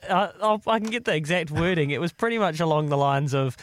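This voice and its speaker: A man's voice: on the high side, expressive, quick pace, few pauses. A man hosting breakfast radio, joking and teasing in casual chat. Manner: jokey, teasing.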